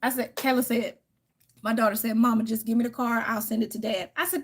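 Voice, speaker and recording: A woman's voice: a little high, brisk, breathy edge. A woman, telling a heated, profane story to her viewers. She sounds tired and irritated. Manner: heated, profane, animated storytelling with quoted outbursts. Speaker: tarot reader and channel host. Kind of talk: casual venting story to viewers.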